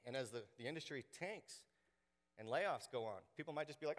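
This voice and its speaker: A man preaching a sermon to his congregation, animated and joking, acting out quoted voices. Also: a little high, fairly quick. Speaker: pastor. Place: church sanctuary. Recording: long hall reverb.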